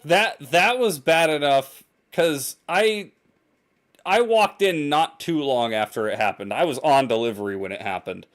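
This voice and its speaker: A man's voice: a little high, animated, measured pace. A young man co-hosting a podcast, chatting casually with frequent restarts and easy laughter. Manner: hesitant, restarts often, laughs easily. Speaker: podcast co-host. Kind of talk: casual chat.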